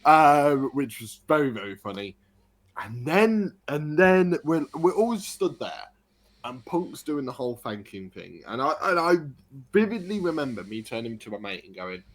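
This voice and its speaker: A man, a podcast co-host telling an excited story in casual chat. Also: fairly high pitch, normal speed. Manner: excited storytelling, animated retelling.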